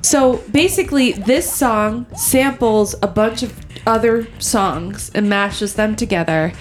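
A woman's voice: medium pitch, slow pace, faint music behind. A woman chatting casually as a podcast host, giggly and rambling with many fillers. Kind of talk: casual chat.

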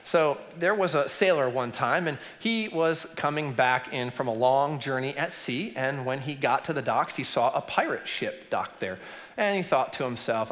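A man's voice: medium pitch, moderate pace. A man preaching as executive pastor, enthusiastic and conversational, leaning into repeated points. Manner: enthusiastic, conversational, lively emphasis. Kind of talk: sermon. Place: church sanctuary. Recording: long church reverb.

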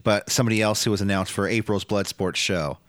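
A man's voice: on the low side, steady tone, fairly bright tone, no room sound. A man co-hosting a wrestling podcast, chatting casually and joking around. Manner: jokey, quick impressions of accents. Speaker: podcast co-host.

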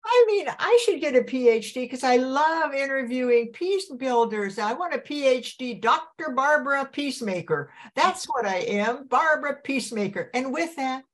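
A woman's voice: high voice, lively intonation, normal speed, few pauses. An older woman hosting a podcast over a video call, gushing and preachy in an enthusiastic interview chat. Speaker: podcast host.

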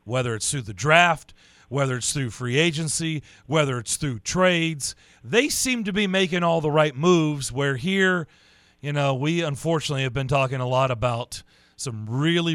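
A man hosting a sports radio show, chatting with a guest in a playful, drawn-out way. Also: fairly high pitch, a bit bright, no room sound.

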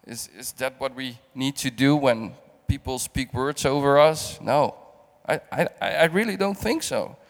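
A middle-aged man from the Netherlands gives an emotional sermon. He speaks slowly and haltingly, repeating words as he searches for them, at an ordinary middle pitch. His voice rings out with the long reverb of a church hall. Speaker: guest preacher.

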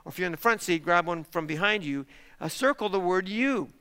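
A man preaching a sermon to his congregation, emphatic and animated, asking rhetorical questions. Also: high-pitched, a little fast, clean tone. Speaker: pastor.

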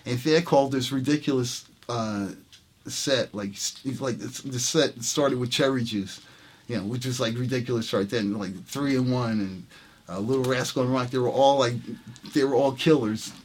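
A man who plays trumpet, telling a story in a relaxed interview, talking in animated bursts with many restarts and acted-out quotes. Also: mid-range voice, normal speed, a little hiss or hum. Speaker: guest musician, trumpet player. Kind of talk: storytelling in a conversation.

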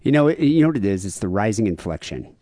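A man's voice: fairly low pitch, very animated, fast, dark tone, slight background noise. A man hosting a podcast, chatting casually and reading out case notes with wry, dry commentary. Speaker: podcast host.

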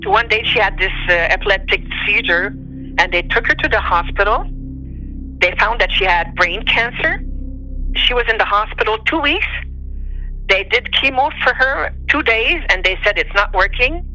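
A storyteller guest from Montreal, Canada, this woman speaks with a Quebec French accent at normal speed and medium pitch, though the audio is poor. Her personal storytelling is emotional and animated, and her voice rises whenever she quotes someone.

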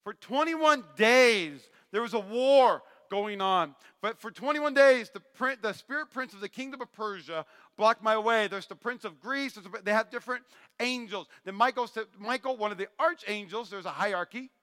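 A male pastor preaching a sermon, animated and joking, acting out Bible characters' lines. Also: sits high, normal speed, smooth. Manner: animated, acts out voices of Bible figures, jokey asides. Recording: long hall reverb.

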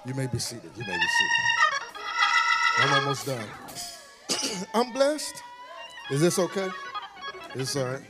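A man's voice: medium pitch, very animated, a little slow, long pauses. A man preaching a rhythmic, singsong sermon into a handheld mic at a Wednesday night church service. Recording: church hall reverb with music.

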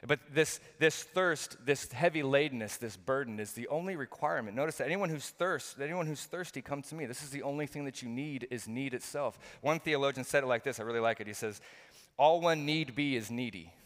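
Middle-aged guy preaching, earnest, keeps asking questions, long hall echo, mid pitch. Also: fairly quick. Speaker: pastor. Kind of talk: sermon.

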